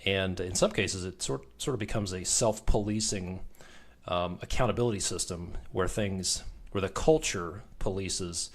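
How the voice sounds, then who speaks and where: A man hosts a business podcast and explains his points through homely, folksy analogies. His speaking voice sits a little low, and he sounds easygoing and in agreement. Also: moderate pace. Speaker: podcast host and business coach. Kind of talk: podcast interview.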